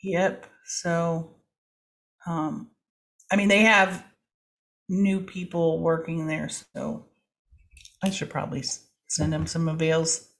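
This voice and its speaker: A woman's voice: low-pitched, flat delivery, takes it slowly, long pauses. A woman comedian guesting on a podcast, chatting casually with self-deprecating, anxious, dry humor. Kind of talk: casual chat.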